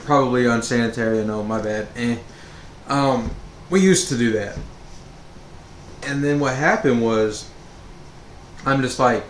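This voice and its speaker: Male vlogger, mid-range voice, slow and rambling storyteller, roomy echo. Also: mid-range voice. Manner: rambling, with many fillers and restarts. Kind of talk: storytime monologue. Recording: roomy echo with faint background noise.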